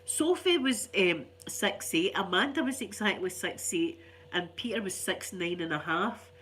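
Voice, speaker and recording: A woman's voice: medium pitch, expressive, measured pace, fairly bright tone. Brief: older Scottish woman, stuffy cold voice, rambling chatty delivery, faint hum behind. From Scotland. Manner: chatty, rambling, laughs often. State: stuffy, unwell. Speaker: ASMR channel host. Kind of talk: casual chat to viewers.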